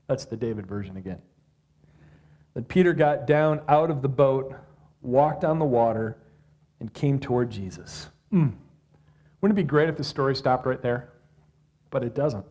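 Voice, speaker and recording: A man preaching to a live audience, reading scripture and explaining it in a lively, conversational way with questions to the listeners. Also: medium pitch, normal speed, pauses often. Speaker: pastor.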